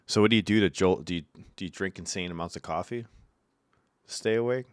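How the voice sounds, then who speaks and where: A young man with a very low, smooth, resonant voice, talking casually to his live chat from home. He reads out messages, answers in a loose and profane way, and laughs at his own stories. The sound is close and dry, with no room echo. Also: a little fast. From Syracuse, New York.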